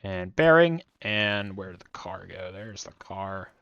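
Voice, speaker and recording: Low gravelly-voiced man rambling over gameplay. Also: lively intonation, unhurried, a bit bright, no echo, dull audio. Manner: rambling, jokey self-mocking asides. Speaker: streamer. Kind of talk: casual gameplay commentary.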